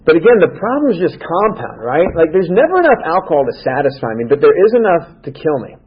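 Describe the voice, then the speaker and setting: A man's voice: a little high, sing-song, fast, slightly rough. A man speaking at a recovery meeting, telling a humorous personal story and acting out his own dialogue in a wry way. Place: club meeting room. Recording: dull lo-fi meeting recording.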